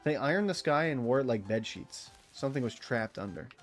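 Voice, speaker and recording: Male streamer, casual and profane, lively pitch swings, middle-pitched voice, reads game text aloud with jokey asides. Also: a little fast, faint music behind. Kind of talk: gameplay commentary.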